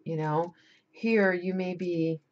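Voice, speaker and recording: A woman's voice: lowish voice, steady tone, takes it slowly, a little mellow, dull audio. A woman giving a casual tarot reading, chatty and rambling, with emphatic warnings. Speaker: tarot reader.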